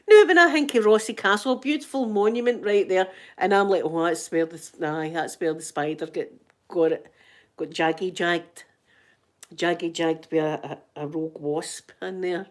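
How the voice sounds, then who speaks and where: A woman's voice: fairly low pitch, normal speed. A middle-aged Scottish woman telling rambling, dramatic anecdotes in casual chat as a channel host. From Scotland.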